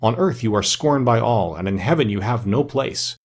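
A man with a husky voice voicing a grave, bearded immortal ruler of the forests who speaks calmly and sternly. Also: fairly low pitch, moderate pace.

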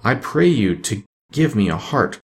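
A man voicing a gentle, polite tin woodman in a storybook reading. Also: medium pitch, very animated, measured pace. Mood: mournful.

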